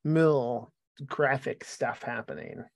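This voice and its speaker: A man's voice: mid-range voice, slow, gravelly, no room sound. A man appearing as a podcast guest, chatting casually with irreverent, crude, wry humor. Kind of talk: casual joking chat.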